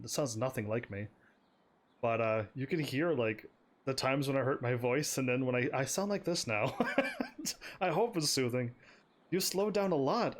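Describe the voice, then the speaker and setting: A man live streaming a game, chatting with his viewers in a casual, stammering way, laughing often. His voice sounds slightly strained. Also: medium pitch. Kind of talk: casual gameplay commentary.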